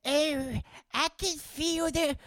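Brief: young guy putting on a creaky, whiny old grandpa, pitched way up from his own voice. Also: fairly even intonation, slow, a bit bright, no room sound, clean studio sound, exaggerated voice. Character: frail complaining old man feeling rain in his bones.

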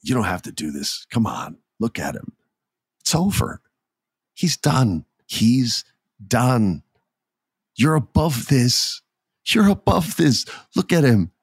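A man acting out a gentle, earnest man who softly pleads with his friend to stop. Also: medium pitch, very animated, slow pace, pauses often, slightly rough, dry recording, clean studio sound, exaggerated voice. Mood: soft pleading. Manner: soft, small and tender.

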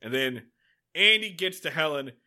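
A man's voice: fairly high pitch, lively intonation, normal speed, sharp tone. A man co-hosting a podcast, recapping a TV episode in casual, sardonic chat and swearing freely. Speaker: podcast co-host.

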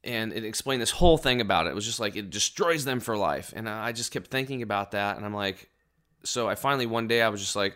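Bright, clear-voiced man telling a story. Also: on the low side, fast talker. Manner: emotional, rambling, acts out quoted voices. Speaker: guest telling a personal story. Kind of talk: casual storytelling.

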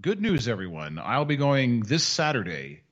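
Wry animated man co-hosting a podcast. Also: medium pitch, normal speed, lo-fi sound. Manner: wry, animated, slips into mock voices. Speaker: podcast co-host. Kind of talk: casual sports podcast banter.

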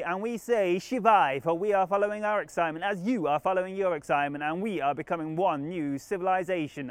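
A benevolent alien collective , channeled by a man, speaks as "we" in earnest, formal phrasing. The voice is high for a man and sounds dry and close, with no room around it. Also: clean tone, no room sound, lightly acted. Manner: earnest, formal new-age pronouncements. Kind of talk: channeling session.

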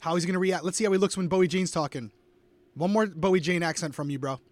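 A man co-hosting a casual live stream, making fast, emphatic calls. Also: sits high, no echo. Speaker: co-host.

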